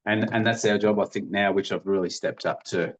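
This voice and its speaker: A man's voice: lowish voice, steady tone, fairly quick. A man, a podcast guest telling family stories in a rambling way, with many restarts and small laughs. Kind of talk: casual storytelling.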